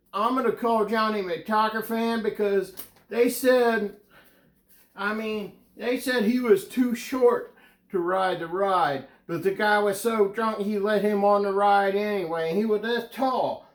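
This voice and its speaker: A man doing a high, slow rambling Vermonter. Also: echoey room. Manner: meandering, stumbling over words, deadpan absurd storytelling. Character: rambling grieving man from Vermont, earnest and absurd. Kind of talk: comedic character monologue.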